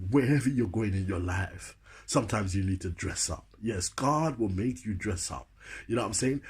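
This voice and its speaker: A man's voice: medium pitch, slightly rough. A man with a Jamaican accent telling a funny story in a chatty way, laughing often and asking "you know what I'm saying". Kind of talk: casual comic storytelling.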